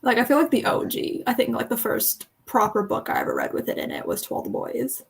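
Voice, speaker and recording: Breathy-voiced young woman chatting. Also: on the high side, huge pitch swings, brisk. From west coast of Canada. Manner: chatty, rambling, lots of "like" and "um". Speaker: book club co-host. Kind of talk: casual chat on a reading livestream.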